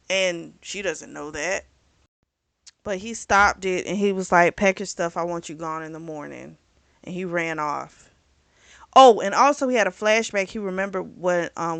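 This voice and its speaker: A woman's voice: lowish voice, gravelly, a bit bright, no room sound. A woman reviewing a book in a casual recap, rambling with plenty of fillers and blunt swearing. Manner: rambling, frank, swears freely, lots of fillers.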